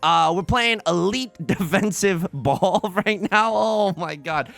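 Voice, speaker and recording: A man's voice: high voice, expressive, brisk, gravelly, few pauses, a bit bright, soft background music. A man hosting a let's play from his bedroom, chatting casually and self-deprecatingly while he plays, often talking back to himself. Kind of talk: casual gaming commentary. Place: home bedroom.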